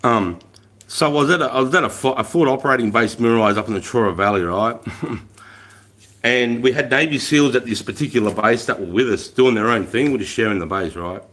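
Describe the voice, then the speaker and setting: Swearing Australian army veteran telling stories. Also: male voice, medium pitch, brisk, fairly bright tone. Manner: swears constantly, laughs while telling war stories. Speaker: livestream host, army veteran. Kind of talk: casual storytelling on a livestream.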